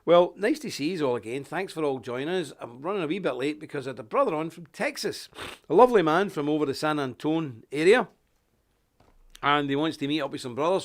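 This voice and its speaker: A man presenting a live online show, talking in an animated, folksy rant while unwell with a stuffy nose. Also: fairly high pitch. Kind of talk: live broadcast chat and rant.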